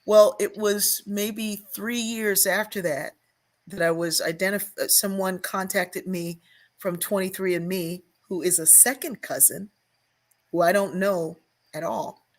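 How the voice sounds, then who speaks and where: A woman's voice: medium pitch, fairly even intonation, unhurried. An older woman, a guest on an interview show, telling a personal story at length and acting out the voices she remembers. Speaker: guest, sociologist and author.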